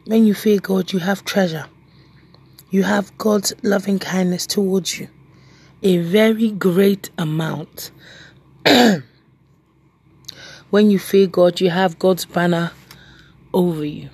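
A woman preaching a devotional message, animated and emphatic, laughing and telling stories. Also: mid-range voice, creaky, husky.

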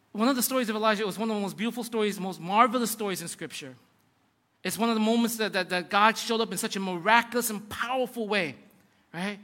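A man's voice: high voice, sharp tone. A man preaching a sermon, retelling a Bible story dramatically and with emphasis. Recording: long hall reverb.

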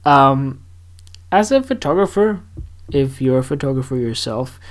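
A man's voice: mid-range voice, lively intonation, a little slow. Rambling young man hosting a podcast. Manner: rambling, self-mocking, with silly voices. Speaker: podcast host. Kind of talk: casual solo podcast.

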